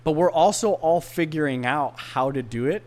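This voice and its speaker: A man speaking as a podcast guest in casual chat, an animated storyteller who slips into voices when he quotes people. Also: fairly high pitch, normal speed.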